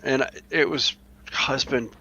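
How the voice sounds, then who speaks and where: Slow-talking Southern US man. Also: mid-range voice, vocal fry, sharp tone, husky, dull audio. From Carolinas, US. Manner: rambling storyteller, many restarts and fillers. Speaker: chat participant. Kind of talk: casual group voice chat. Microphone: online voice chat mic.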